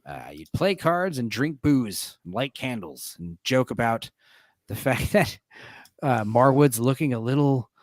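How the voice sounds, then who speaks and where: A man's voice: medium pitch, expressive, measured pace, no room sound. A man hosting a casual movie discussion stream, retelling scenes in a rambling, crude way with filler words. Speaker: podcast host.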